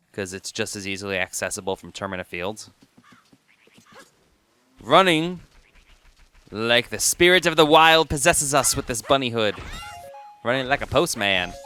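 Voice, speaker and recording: A man's voice: medium pitch, bright, forceful tone, slight background noise. A man giving casual, jokey gameplay commentary as a let's play host, chatting to the game as he plays.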